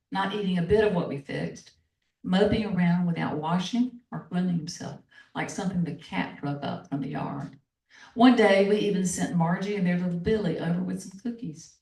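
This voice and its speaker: A woman's voice: on the low side, darkish tone, natural voice. A woman reading a folksy Southern sister's letter. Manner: folksy turns of phrase. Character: Southern sister writing a gossipy letter, self-assured. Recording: echoey room, from far off.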